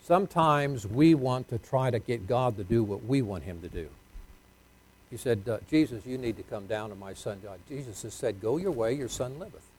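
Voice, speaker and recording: A pastor preaching a folksy sermon, swinging between loud emphatic lines and hushed ones. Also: male voice, mid-range voice.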